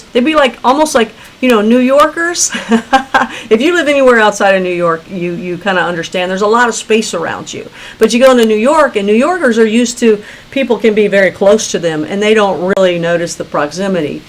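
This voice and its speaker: A woman's voice: mid-range voice, brisk, low-quality recording. A woman hosting a talk show, asking chatty, probing questions in a casual conversation. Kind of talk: casual interview.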